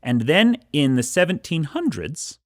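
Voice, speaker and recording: A man's voice: a little high, big pitch swings, unhurried, no room sound, studio quality. A man co-hosting a podcast, telling a history story in a casual, rambling way with fillers and a self-mocking humor. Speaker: podcast co-host. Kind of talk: casual chat.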